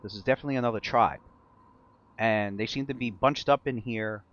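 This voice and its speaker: A man's voice: lowish voice, brisk, muffled recording. A man narrating a tabletop game as game master, in a rambling way with many restarts. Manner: rambling, full of fillers and restarts.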